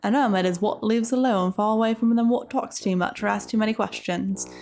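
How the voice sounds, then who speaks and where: A woman's voice: mid-range voice, fairly even intonation, brisk, a little mellow, natural voice. A woman voicing a chatty old male cave hermit who rambles in folksy dialect grammar, reading his lines in a put-on accent. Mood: cheery rambling.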